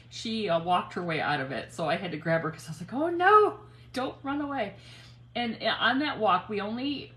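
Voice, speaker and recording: A woman's voice: mid-range voice, a bit bright, slight background noise. A middle-aged woman hosting a casual crafting livestream, chatting in a rambling way and greeting viewers by name. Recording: roomy home recording with faint ambience.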